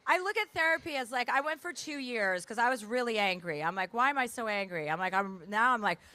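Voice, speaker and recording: High-voiced woman, candid and rambling. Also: lively intonation, pushed and bright. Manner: fast, candid, many fillers and restarts. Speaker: author and guest. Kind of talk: onstage conversation. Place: festival stage.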